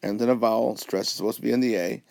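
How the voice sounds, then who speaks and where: Gravelly low-voiced man teaching a lesson. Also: steady tone, rapid-fire, a little mellow. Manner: patient, explains step by step, often checks with "okay?". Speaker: Spanish teacher. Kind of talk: recorded whiteboard lesson. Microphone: tablet recording.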